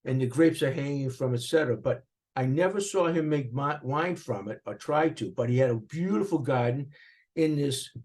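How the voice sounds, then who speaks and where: An older man with a Boston accent recalling his upbringing in an interview, animated and rambling, with frequent restarts. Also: medium pitch, normal speed, husky. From Boston area, USA. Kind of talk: reflective interview recollection.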